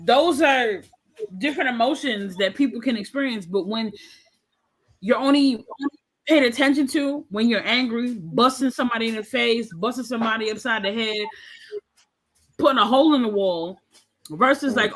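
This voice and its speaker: This is a rough recording of a thirtysomething woman on a podcast panel, in a candid exchange. Her pitch runs on the high side at a moderate pace. She's frank and lively, performing the voices of anyone she quotes.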